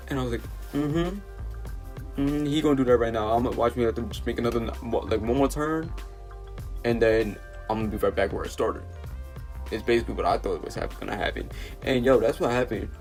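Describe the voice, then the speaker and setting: A man's voice: mid-range voice, a little mellow. A teenage young man from New City, telling an exasperated storytime vlog full of fillers and restarts. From New York City. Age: teens. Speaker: vlogger.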